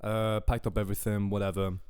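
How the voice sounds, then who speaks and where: A young man tells a story on his podcast in loose, crude chat. His voice sits low and sounds smooth and clear. He laughs often and acts out the lines of people he met. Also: little pitch movement, fairly quick, darkish tone, dry recording, studio quality. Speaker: podcast co-host.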